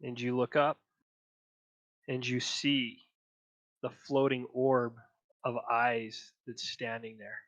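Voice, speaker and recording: A man narrating a tabletop game as game master, slow and descriptive. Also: mid-range voice, level tone, fairly bright tone, dry recording, dull audio.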